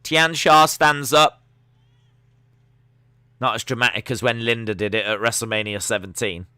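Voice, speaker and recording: A man's voice: mid-range voice, fairly even intonation, moderate pace, sharp tone, clean tone, no room sound. A young man hosting a live stream watch-along, giving chatty, sarcastic, opinionated commentary.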